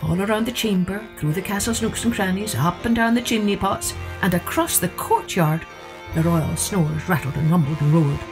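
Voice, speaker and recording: A woman storyteller reading a picture book aloud in an expressive, rhythmic way. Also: on the low side, normal speed, over music.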